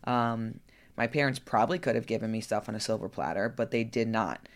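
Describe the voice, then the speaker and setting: A woman's voice: a bass voice, fairly quick. A woman coach talking candidly in a personal vlog, frank and chatty, now and then cursing and asking rhetorical "right?" questions. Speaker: lifestyle coach.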